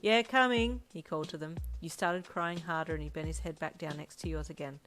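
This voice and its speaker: A woman narrating a second-person fanfic story in a steady, even way. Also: low voice, fast talker, rough recording. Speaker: audiobook narrator. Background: faint music.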